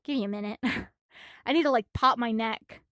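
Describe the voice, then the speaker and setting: A woman streams from her room, reading a comic aloud and rambling about it in a high voice. She sounds a little out of breath, gushing and swearing freely. The sound is dry and close. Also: normal speed, a bit bright, no echo.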